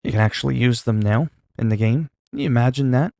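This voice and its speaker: A man's voice: medium pitch, quick pace, creaky, dark tone, dry recording, studio quality. A man chatting casually while livestreaming a game, answering chat questions in a laid-back, swearing way.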